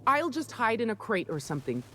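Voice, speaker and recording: A woman's voice: on the high side, sing-song, brisk, pushed and bright, slight background noise. An actress voicing a jittery young female lab worker in hiding, breathless and rambling in video game dialogue. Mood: relieved.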